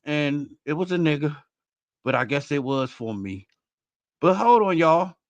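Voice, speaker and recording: A man hosting a live stream, out of breath, talking in a loud, rambling, profanity-heavy way. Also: on the high side, animated, measured pace, no echo, dull audio. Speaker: host. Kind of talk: casual stream commentary.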